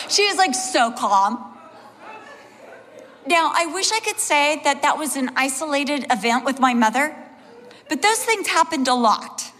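A woman pastor preaching a sermon, telling animated personal stories and acting out the voices of the people in them. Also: sits high. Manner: animated storyteller, acts out voices, laughs along. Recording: long hall reverb.

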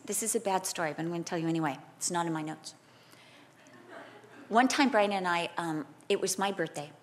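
A middle-aged woman preaching a sermon, switching between scripture teaching and a lively personal story, acting out quotes loudly. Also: on the low side.

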